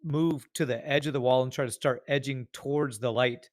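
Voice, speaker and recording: A man's voice: mid-range voice, fairly even intonation, moderate pace, no echo, clean studio sound. A man playing a tabletop game, casually describing what his character does in third person. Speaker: player.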